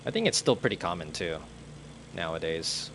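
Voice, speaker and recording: Young male streamer, low-pitched, talks to himself while playing, confused and cursing, faint hiss behind. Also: sing-song, normal speed. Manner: muttering to himself, confused and swearing. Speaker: gameplay streamer. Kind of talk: casual gameplay commentary.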